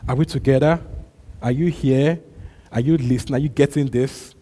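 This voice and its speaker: A man's voice: mid-range voice, steady tone, moderate pace, warm tone. A male pastor preaching a sermon, emphatic and repetitive, calling out to his congregation. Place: church. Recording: long hall reverb.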